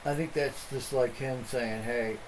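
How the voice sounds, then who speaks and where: A man's voice: medium pitch, measured pace, background noise. A middle-aged man, a pastor hosting an online show, telling a rambling story in casual chat with many restarts.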